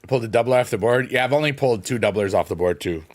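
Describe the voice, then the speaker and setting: A man's voice: medium pitch, racing. A young man chatting casually on a live stream while gaming, rambling and playful with silly sing-song noises.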